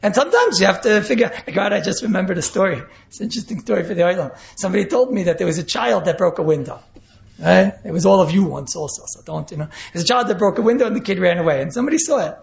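A man with lectures like a rabbi in a loose, rambling way, chuckling as he goes. His voice sits high for a man and has a gravelly edge. The recording is roomy and muffled. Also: lively intonation, rapid-fire. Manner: rambling, chuckling, mixes in Hebrew and Yiddish. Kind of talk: informal Torah lecture.

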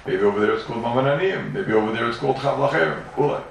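Fast gravelly man teaching in an echoey room. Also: mid-range voice, expressive, noisy background. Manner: questioning, sing-song and emphatic, with many repeats. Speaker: Talmud teacher. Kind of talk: fast yeshiva-style Talmud lecture. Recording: roomy echo, voice from far off the mic.

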